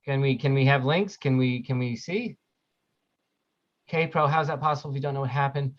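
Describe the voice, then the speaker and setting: A man's voice: medium pitch, moderate pace. Blunt, cursing man ranting on a stream. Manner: blunt, swears often, exasperated ranting. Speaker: podcast co-host reading chat. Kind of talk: casual livestream chat. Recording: muffled lo-fi audio.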